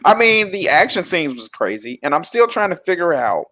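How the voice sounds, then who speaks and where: A man's voice: a little high, big pitch swings, moderate pace, sharp tone. A man co-hosting a casual chat about films and shows, teasing and rambling through asides. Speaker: podcast co-host.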